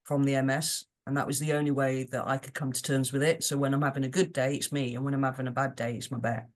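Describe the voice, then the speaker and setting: A woman's voice: extremely low pitch, little pitch movement, fast talker. A British woman, a podcast guest, chatting casually in a rambling, earnest way with many restarts. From United Kingdom.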